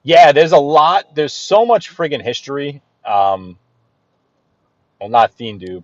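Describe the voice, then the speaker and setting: A man's voice: medium pitch, takes it slowly, dry recording. A man with a Brooklyn accent, hosting a casual live stream from his car and rambling to viewers and a guest. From Brooklyn, New York. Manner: rambling, chatty, answers viewers' comments. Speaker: livestream host. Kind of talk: casual live-stream chat while driving. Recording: dull, dry lo-fi sound.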